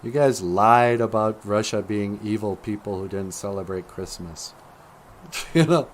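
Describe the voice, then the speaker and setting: A man's voice: fairly low pitch, measured pace. A middle-aged man hosting a livestream show, rambling casually and joking, chuckling at his own asides.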